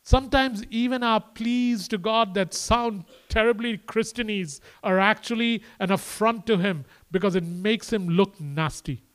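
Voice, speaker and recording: A man preaching a conversational sermon, swinging between quiet and emphatic delivery and speaking to the crowd as "guys" and "man". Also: high voice, a little slow, few pauses. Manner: addresses listeners casually as "guys" and "man".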